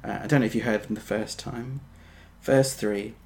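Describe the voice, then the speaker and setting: A man preaching a sermon, earnest, building to emphatic peaks and then dropping soft. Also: on the low side, fairly even intonation, moderate pace, gravelly.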